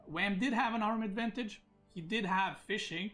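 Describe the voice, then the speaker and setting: A sharp, high-sitting male voice at a moderate pace, with soft music behind him. He's an esports player streaming live, ranting in agitation about an unfair referee call, so upset he keeps stumbling and restarting his sentences.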